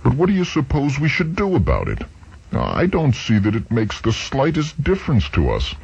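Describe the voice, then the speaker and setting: A man's voice: medium pitch, wildly swooping pitch, moderate pace, gravelly, darkish tone, husky, no room sound, pitched above the performer's own voice, exaggerated voice. A man voicing a homesick, sardonic male engineer with a dry, growling manner, in a dull lo-fi recording.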